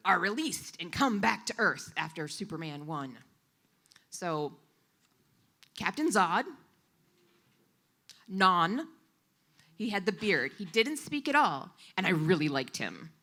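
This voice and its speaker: A woman interpreting for a storyteller, voicing a live story at a coffee shop event in an animated, expressive way. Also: lowish voice, takes it slowly, pauses often.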